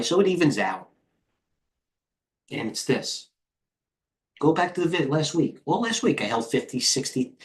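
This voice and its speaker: A man, hosting a live trading stream in brash, rambling commentary that reads out chat and lets slip swear words. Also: mid-range voice. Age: 50s. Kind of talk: casual live market commentary.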